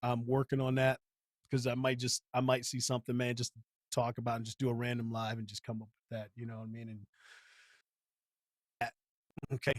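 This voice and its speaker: A man's voice: mid-range voice, monotone, a little fast, pauses often, no echo, studio quality. A man hosting a live stream, ranting bluntly about sports with heavy slang and repetition. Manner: heated, blunt, slangy, repeats himself. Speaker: channel host.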